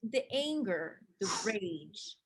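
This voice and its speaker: A woman's voice: medium pitch, very animated, slow, breathy edge. A woman interviewer who mostly gives short replies while listening and asks brief questions.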